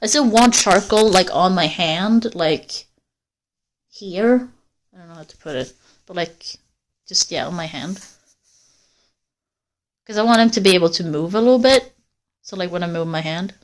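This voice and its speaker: A woman livestreaming on a walk through a forest, chatting casually to viewers in a rambling, swearing way. She is cold, and her voice rises and falls in loudness as she walks. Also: lowish voice, animated, moderate pace, pauses often. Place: outdoors in a forest.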